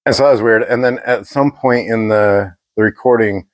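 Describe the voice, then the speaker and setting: A man's voice: on the low side, normal speed, no echo. A man co-hosting a podcast, telling a rambling, profane story in casual chat. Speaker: podcast co-host.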